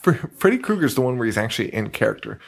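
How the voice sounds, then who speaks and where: Animated, husky-voiced young man joking around. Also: medium pitch, quick pace. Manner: animated, jokey, swears, does mock voices. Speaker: podcast co-host. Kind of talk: casual chat.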